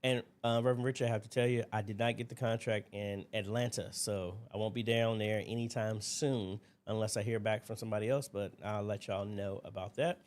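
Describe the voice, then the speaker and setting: A man's voice: on the low side, fairly even intonation, a little fast, hardly any pauses, a little mellow. A man hosting a casual livestream Q&A from his desk, rambling and chatty as he greets viewers by name. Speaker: livestream host. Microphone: desk mic at a computer.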